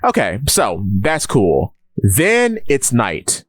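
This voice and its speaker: A man's voice: medium pitch, huge pitch swings, very slow, dry recording. A man co-hosting a podcast, recapping at length in casual chat with many stumbles and restarts. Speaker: podcast co-host.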